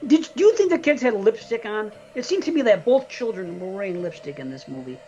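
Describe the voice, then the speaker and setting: A woman's voice: medium pitch, big pitch swings, fairly quick, dark tone, muffled recording, soft background music. Blunt, foul-mouthed woman podcast co-host. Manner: blunt, swears freely, laughs often. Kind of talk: casual chat.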